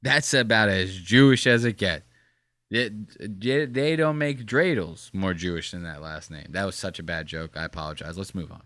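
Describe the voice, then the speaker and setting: A man's voice: low-pitched, normal speed, fairly bright tone, dry recording. A man co-hosting a casual podcast, ranting with swearing and mock quotes, of Puerto Rican background. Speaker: podcast co-host.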